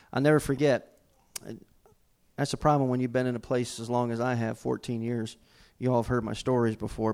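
A man's voice: mid-range voice, vocal fry, darkish tone. A middle-aged man, preaching a sermon as pastor and telling folksy stories with self-mocking humor.

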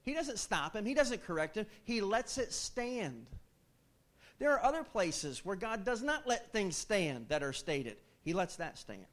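A male preacher delivering a sermon in a lively, conversational manner, often turning to his listeners with questions. His voice sits a little high for a man, and he swings between emphatic bursts and quieter asides. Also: measured pace.

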